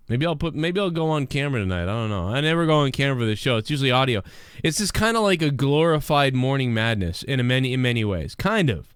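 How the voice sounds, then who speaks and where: A man hosting a livestream show, talking in a rambling, profane rant, his voice worn and rough from years of yelling. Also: mid-range voice, no room sound, clean studio sound.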